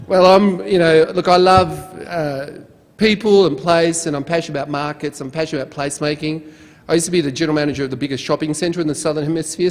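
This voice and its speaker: Australian guy, fairly high voice, pumping up a conference crowd, big echoey hall. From Mauritius. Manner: energetic, chanting and leading the crowd. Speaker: conference speaker. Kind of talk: lively conference talk leading the audience. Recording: long hall reverb.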